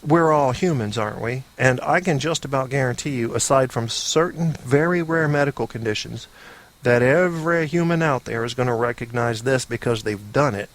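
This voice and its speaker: A man's voice: mid-range voice, moderate pace. A man hosting a call-in comedy podcast who is talking while sick, rambling in a boisterous, self-mocking way. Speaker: podcast host. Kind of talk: casual comedy monologue.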